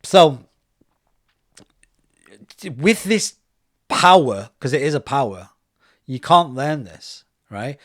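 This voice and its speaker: A man hosting a podcast interview, talking in a loose, chatty way. He gets animated as he tells personal stories and slips into the voices of the people he quotes. The recording is dry and close, with no room sound. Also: on the high side, slow pace, pauses often, dry recording. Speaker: podcast host. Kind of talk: casual interview chat.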